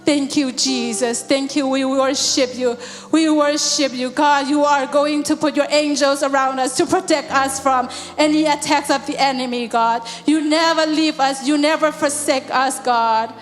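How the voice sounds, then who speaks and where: Prayer leader, woman, high voice, fervent and repetitive, long hall reverb. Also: fairly even intonation, normal speed. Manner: repeats God after each phrase, swells into singing. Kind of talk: fervent spoken prayer in a church service. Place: church hall. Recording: long hall reverb with soft music behind.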